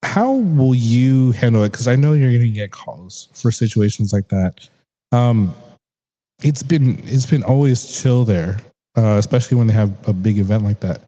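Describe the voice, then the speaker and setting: A man's voice: mid-range voice, moderate pace, mellow, dull audio. A young man hosting a casual interview, chatty and rambling, laughing often. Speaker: podcast host.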